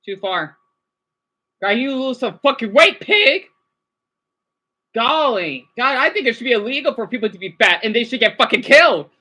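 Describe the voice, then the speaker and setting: A woman livestreaming, reacting to videos and chat, swinging between furious rants and quiet apologies. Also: fairly high pitch, lively intonation, moderate pace.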